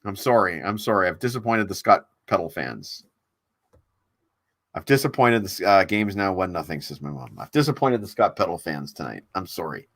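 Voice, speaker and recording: A man with a fairly low voice hosts a laid-back livestream, wandering from thought to thought with stops and restarts. He reads out viewer comments as he goes. The sound is dry and close, with no room around it. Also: lively intonation, fairly bright tone, no room sound. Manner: rambling and halting, reads viewer comments aloud. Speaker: livestream host. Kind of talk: casual livestream chat. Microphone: desk mic on a laptop stream.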